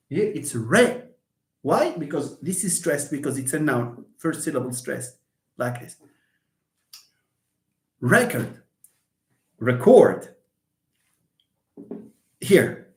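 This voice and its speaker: A man teaching English pronunciation in a live online lecture, slowly repeating words and drilling syllables aloud. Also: a little high, a little mellow, echoey room.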